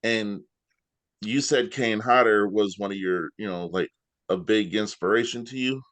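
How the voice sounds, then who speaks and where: A man's voice: on the low side, a little slow, dry recording. A man hosting a casual interview show, chatting easily with lots of "you know". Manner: relaxed, uses filler like "you know". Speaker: podcast host.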